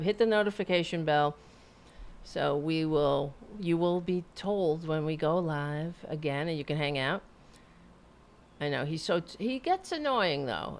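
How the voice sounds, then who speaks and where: Chatty woman host, low voice. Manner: chatty and rambling, swears freely. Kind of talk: casual live-stream sign-off chat.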